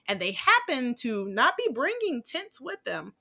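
A woman's voice: on the high side, very animated, normal speed, gravelly, few pauses, bright, forceful tone. A woman co-hosting a podcast in casual chat, blunt and profane, often laughing and going off on tangents. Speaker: podcast co-host.

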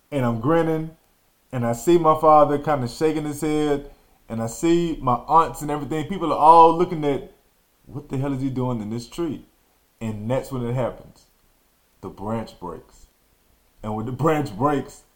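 Animated male podcast storyteller. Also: on the high side. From Texas. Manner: animated, acts out quotes and sound effects. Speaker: podcast host telling a story. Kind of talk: casual storytelling monologue.

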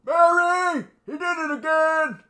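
A man plays a forgetful old podcast co-host in an improvised comedy sketch, rambling goofily, getting easily sidetracked and losing his train of thought. His voice is high and expressive, and he talks a little slowly.

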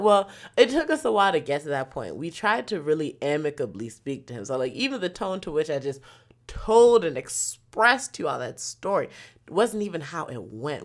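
Young woman, casual storyteller, middle-pitched voice, animated and profane, flips from loud outbursts to low muttering. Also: moderate pace, vocal fry.

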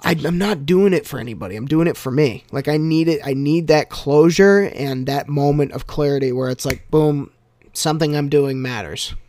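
Animated jokey young podcast host man. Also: a little high, normal speed, no echo, studio quality. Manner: animated storyteller, jokey, swings from quiet to loud. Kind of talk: casual podcast chat.

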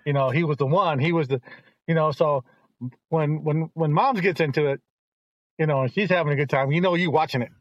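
Middle-aged man, rambling casual storyteller, high-ish voice, dry dull lo-fi sound. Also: fairly quick, no room sound. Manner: rambling, animated when quoting others. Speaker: guest, host's father.

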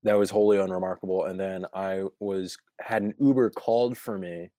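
Young man, lowish voice, deadpan and crude, dry close mic. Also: normal speed, dry recording. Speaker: podcast co-host. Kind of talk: casual comedic chat.

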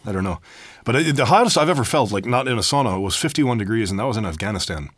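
An American man co-hosting a podcast, telling ironic jokes with a deadpan delivery in a studio. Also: on the low side, fast talker, no echo. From United States. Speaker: podcast co-host. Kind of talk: joking casual chat. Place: recording studio.

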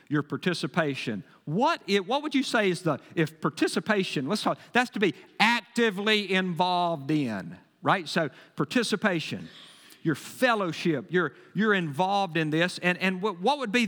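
A male pastor preaching a sermon, emphatic and folksy, swinging between loud bursts and quieter asides. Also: high-pitched. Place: church sanctuary. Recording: long hall reverb.

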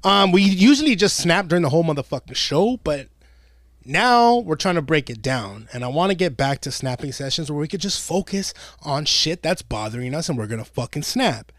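A man's voice: a little high, big pitch swings, brisk, a bit bright, no room sound, clean studio sound. A man co-hosting a podcast, ranting in a crude, profane, comedic way and swearing constantly. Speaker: podcast co-host.

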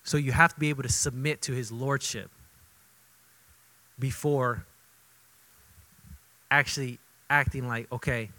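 Pastor guy preaching, bright forceful tone, gets loud then drops real quiet, repeats stuff. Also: medium pitch, steady tone, measured pace, long pauses, poor audio. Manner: swings between loud emphatic bursts and quiet intimate asides; conversational, repeats himself for emphasis. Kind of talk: sermon.

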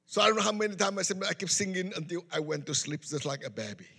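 Husky-voiced preacher telling his testimony. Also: high-pitched, big pitch swings, quick pace, few pauses, sharp tone, big-room sound. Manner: non-native English, simple broken grammar. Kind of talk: sermon testimony storytelling.

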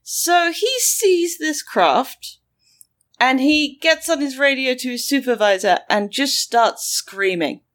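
A woman hosting a chat podcast, telling a story in an animated, sarcastic way and acting out quotes. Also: high-pitched, takes it slowly.

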